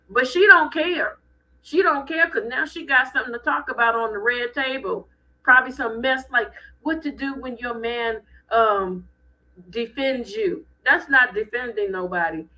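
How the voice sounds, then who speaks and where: A woman hosting a live stream, giving blunt, animated commentary with speech. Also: fairly high pitch, normal speed, poor audio. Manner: animated, blunt, preachy ranting.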